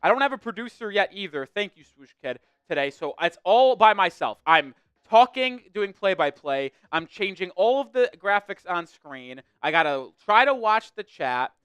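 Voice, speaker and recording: A man streaming sports commentary on his own, fired up and venting to his live chat between score updates. His voice sits high and comes through crisp and smooth. The sound is dry and close, with faint music playing under it. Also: sing-song, moderate pace, hardly any pauses, a bit bright, dry recording. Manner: fired-up, ranting, talks straight to the chat.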